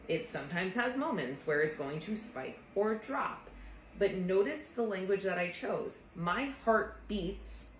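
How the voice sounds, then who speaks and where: A woman's voice: mid-range voice, fairly bright tone, roomy sound, a little hiss or hum, poor audio. A woman therapist telling a personal story in a casual, earnest, reflective way, often saying "like". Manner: earnest, reflective, frequent "like" fillers.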